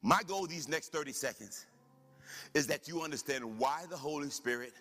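A man preaching a sermon as the pastor of his church, animated, swinging from soft asides to shouted lines. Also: a little high, normal speed, faint music behind. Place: church sanctuary. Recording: reverberant church hall.

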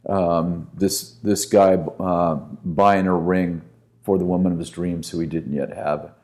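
A man's voice: sits low, little pitch movement, measured pace, a little mellow. A man speaking as a guest minister on a podcast, telling a story earnestly and with conviction.

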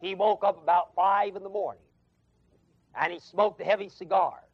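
Man, Bible teacher, evening class lecture, high gravelly voice, emphatic repetition, dull 1970s tape. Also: steady tone, moderate pace. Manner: emphatic, repeats key phrases with stress; chuckles at his own stories. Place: evening adult education class at a college.

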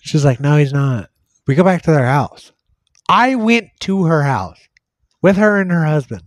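A young man, a podcast host, spins a rambling, foul-mouthed story in casual talk, putting on the voices of the people in it. His voice sits fairly high for a man, and the sound is dry and close. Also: big pitch swings, normal speed, no echo. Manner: swearing, rambling, acts out quoted lines.

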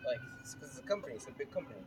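A man's voice: very fast, noisy background. A man chatting casually in a car, rambling and swearing in a laid-back way. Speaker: podcast co-host. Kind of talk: casual chat.

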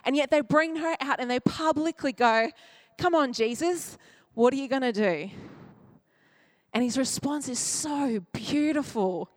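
Woman pastor, high voice, emotive sermon delivery, dry close sound. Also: unhurried, no echo. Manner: emotive, acts out quoted voices, drops to near-whisper at tender points.

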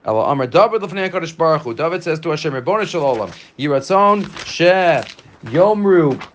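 Man giving a lively Talmud class. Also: on the high side, brisk, lo-fi sound, a little hiss or hum. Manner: reads Aramaic lines then explains them in English, with many restarts. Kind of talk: casual Talmud lesson.

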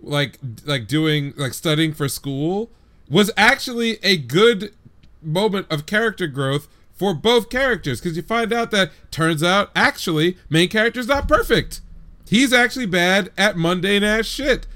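A man's voice: high-pitched, expressive, unhurried, sharp tone. A man co-hosting an anime podcast, casually talking through his reasoning point by point. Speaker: podcast co-host. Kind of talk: casual chat, anime review.

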